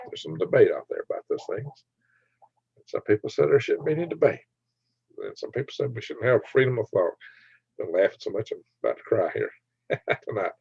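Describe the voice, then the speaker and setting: Guy chatting on a late night stream, cracking jokes and laughing at comments, mid pitch, kinda muffled audio. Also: creaky, husky, no echo. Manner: jokey, laughs often, reads comments aloud. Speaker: livestream host reading chat. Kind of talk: casual late-night livestream chat. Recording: dry, slightly dull sound.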